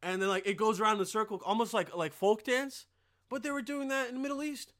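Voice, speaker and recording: A young man hosting a podcast, riffing in a rambling, profane, casual comedic rant and now and then bursting into loud yelled impressions. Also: high-pitched, fairly even intonation, fast talker. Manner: rambling, profane, full of filler.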